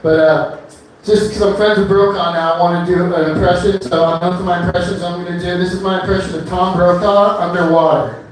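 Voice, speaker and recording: A man's voice: high voice, flat delivery, fairly quick, hardly any pauses, a little hiss or hum. A man performing a stand-up comedy set on a bar stage, rambling loosely with many fillers between one-liners. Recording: echoey club room from far off.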